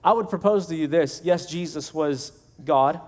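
A man's voice: a little high, normal speed, darkish tone. A male pastor preaching a sermon in a conversational way, acting out the voices of the people he quotes.

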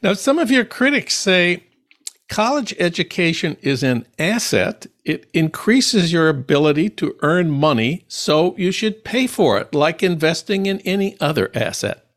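A man's voice: fairly high pitch, big pitch swings, measured pace, fairly bright tone. A man interviewing a guest, posing critics' objections as questions.

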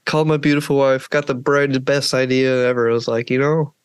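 A man hosting a podcast, tells his story loosely and rambles, with lots of "like" and casual swearing. His voice sits in an ordinary middle pitch. It is recorded dry and close, with no room sound. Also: flat delivery, fairly quick, smooth, dry recording. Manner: rambling, laid-back, heavy with "like" and swearing. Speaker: podcast host.

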